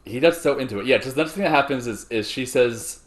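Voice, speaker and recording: A man's voice: medium pitch, fast. A man co-hosting a podcast, joking in casual chat, with a slight cough. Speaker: podcast co-host.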